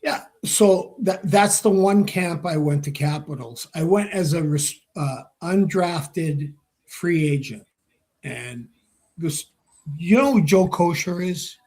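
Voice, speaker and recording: A man with a slightly higher-than-usual voice spins a rowdy story in an interview. He acts out every line of dialogue and swears freely as he goes. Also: slow, dark tone. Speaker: former hockey player, guest.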